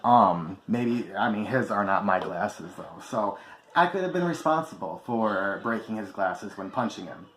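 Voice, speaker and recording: A man's voice: lowish voice, expressive, a little slow, a bit bright, a little hiss or hum. A man telling a personal story to camera in a vlog, candid and emphatic, swearing freely. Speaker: vlogger. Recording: echoey room with faint ambience.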